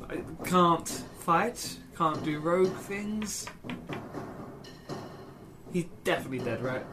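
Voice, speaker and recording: A man playing a tabletop game, chatting casually and checking in with quick questions. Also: a little high, lively intonation. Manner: chatty, checking in with short replies. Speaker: player. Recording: noisy background.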